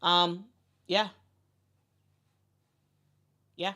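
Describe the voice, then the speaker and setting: A woman's voice: lowish voice, flat delivery, very slow, pushed and bright. A woman commentating on basketball in a casual way, reading out viewer comments and repeating her points for emphasis. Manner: emphatic, repeats herself for stress.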